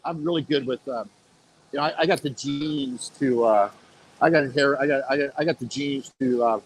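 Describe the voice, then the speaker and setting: A man's voice: mid-range voice, moderate pace, a little hiss or hum, low-quality recording. A man live streaming from an outdoor city street, rambling and repeating himself, mocking and swearing as he talks.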